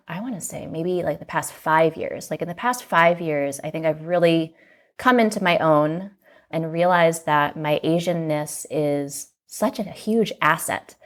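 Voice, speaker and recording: A woman with a notably low-pitched voice speaks as a podcast guest, candid and reflective as she tells her story. She often slips "like" into her sentences, and she sounds earnest throughout. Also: a little slow. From United States. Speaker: magazine editor, podcast guest. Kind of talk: candid personal storytelling in an interview.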